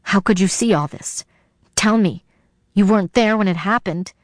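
A shaken teenage boy, read by a woman narrator, tense and defensive, barely shifted from the reader's natural mid pitch. The read is dry and close, with no room around it. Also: normal speed, no room sound, lightly acted. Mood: fearful. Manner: tense, defensive, near her own pitch. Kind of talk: audiobook character voice.

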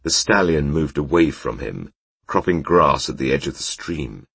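A man with a very deep, husky voice reads fantasy narration at a slow, unhurried pace. His delivery rises and falls expressively, and the recording is close and dry. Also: animated, fairly bright tone, no room sound. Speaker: audiobook narrator.

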